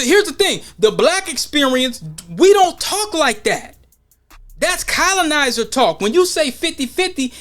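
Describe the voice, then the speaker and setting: Heated American podcast host, high-pitched, repeats points forcefully. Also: male voice. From United States. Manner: emphatic, argumentative, repeats for stress.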